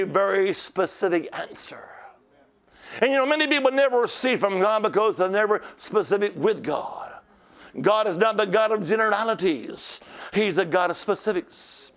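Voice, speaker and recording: A man preaching a sermon in a church, telling stories with shouts and call-outs to the congregation. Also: sits high.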